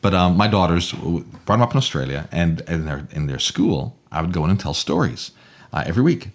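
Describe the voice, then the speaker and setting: A middle-aged man telling a story in casual chat, playful and animated, slipping into voices for the people in it. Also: fairly quick. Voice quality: husky, animated with wide swings in pitch. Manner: playful, acts out voices in his anecdotes. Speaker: storyteller, podcast guest.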